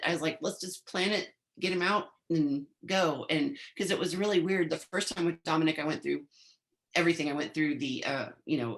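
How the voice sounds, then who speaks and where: A woman in her fifties, a guest on an interview podcast, telling a long story in a chatty way and often replaying what she said back then. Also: low-pitched. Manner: chatty, replays her own past lines in quotes. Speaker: interview guest, former bodybuilder.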